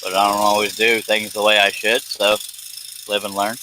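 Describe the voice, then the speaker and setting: Low bright-toned man chatting while working. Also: flat delivery, moderate pace, slight background noise, low-quality recording. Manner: rambling, self-deprecating, chuckles often. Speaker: live stream host reading chat. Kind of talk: casual live stream chat while working. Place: workshop.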